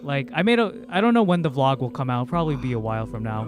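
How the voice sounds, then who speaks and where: A man's voice: medium pitch, sing-song, fast, soft background music. A young American man rambling chattily through a casual livestream, laughing often. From United States. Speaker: streamer.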